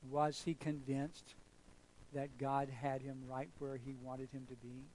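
A man's voice: medium pitch, completely flat delivery, measured pace, a little mellow, slight background noise, poor audio. A man preaching a sermon as pastor, emphatic and storytelling, repeating phrases for effect.

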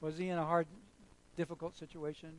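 Male pastor, sermon delivery, slightly high voice, emphatic repetition. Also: level tone, brisk, rough recording. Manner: emphatic, storytelling, repeating phrases for effect.

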